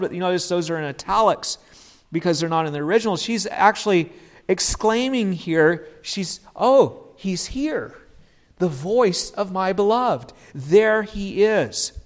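A man preaching an expository sermon in an earnest voice, acting out quoted lines and dropping low and quiet at times.

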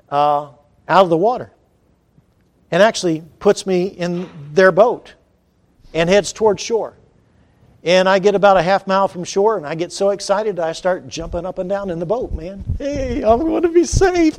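A man preaching a sermon, telling a story with lively swings from quiet to shouted cries. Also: sits high.

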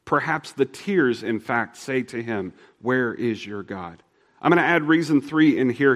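A man at middle pitch preaching a sermon in an earnest way. He speeds up and then slows down, dropping to a quiet voice to press a point home. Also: in a large hall. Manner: earnest, shifts between fast and slow, drops soft for emphasis. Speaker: pastor.

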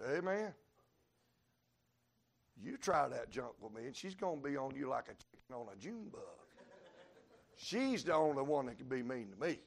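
A male preacher delivering a revival sermon, storytelling in a folksy way and breaking into sudden shouts. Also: medium pitch, very animated, moderate pace, gravelly, long pauses, slightly rough. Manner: preaching with sudden shouted peaks and Southern folk sayings.

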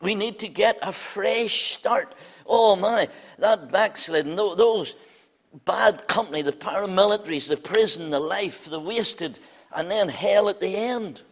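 A middle-aged man preaching an evangelistic sermon, fervent, swinging from loud appeals to hushed low lines. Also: a little slow.

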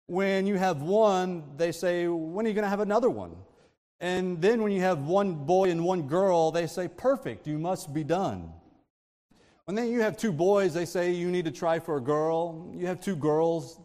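Laughing preacher in a reverberant sanctuary. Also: male voice, a little high, darkish tone. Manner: storytelling with frequent laughs and asides. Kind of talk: sermon.

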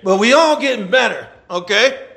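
A middle-aged preacher man with a very high, gravelly voice. He talks in a folksy, animated way, firing rhetorical questions at the congregation. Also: moderate pace. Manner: folksy dialect, laughs between points. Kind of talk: sermon.

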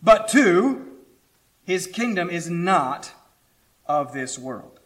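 A man preaching a sermon as pastor, emphatic, with dramatic pauses and quiet asides. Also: sits high, big pitch swings, poor audio.

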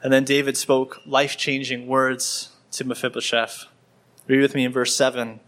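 A man's voice: mid-range voice, level tone, moderate pace, fairly bright tone. A man preaching a sermon in church, acting out the scenes with small changes of voice and often repeating words as he goes. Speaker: pastor.

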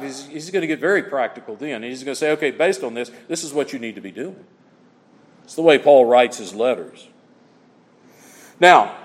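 A man preaching an expository sermon in an emphatic style, often repeating phrases for stress. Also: high-pitched. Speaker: pastor. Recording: long hall reverb.

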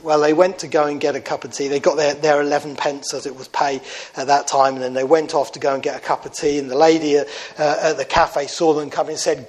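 A man telling a story in a sermon, in a conversational way with many fillers and restarts, dropping quiet for quoted lines. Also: a little high, fairly even intonation, brisk. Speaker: preacher.

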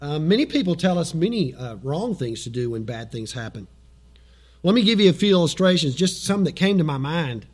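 A man preaching a sermon as pastor, animated, acting out quoted voices and chuckling as he goes. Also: a little high, fairly quick, husky.

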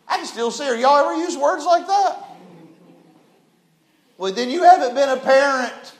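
Male preacher, very high voice, folksy and emphatic, echoey church. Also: moderate pace. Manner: folksy, emphatic, rising to shouts. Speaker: pastor. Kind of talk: sermon.

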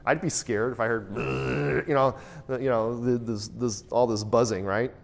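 Man, Bible study teacher, questions the class, mid-range pitch, reads verses aloud. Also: fairly even intonation, unhurried, creaky. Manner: asks the group questions and repeats their answers; reads scripture aloud in a raised voice.

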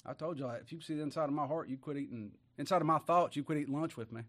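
A man with a drawl delivers a sermon in an easygoing, folksy manner. He keeps turning to his listeners with quick rhetorical questions, and his voice sits a little high for a man. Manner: folksy, asks the congregation many rhetorical questions. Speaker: preacher.

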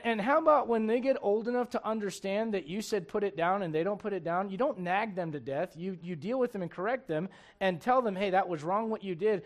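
A man preaching a sermon in church, animated and digressive, with frequent asides to the congregation. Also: high-pitched. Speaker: pastor. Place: church sanctuary.

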